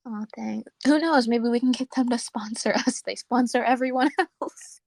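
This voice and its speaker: A woman's voice: fairly high pitch, moderate pace, creaky, no echo. A young woman co-hosting a casual podcast, chatting loosely, swearing and laughing often. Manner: laughing, swearing, animated storytelling. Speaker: podcast co-host. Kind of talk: casual chat.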